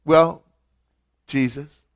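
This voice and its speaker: A man voicing the devil as a low, hushed, wheedling tempter during a sermon. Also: fairly even intonation, very slow, no echo, studio quality. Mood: coaxing. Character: tempting devil, smooth and coaxing.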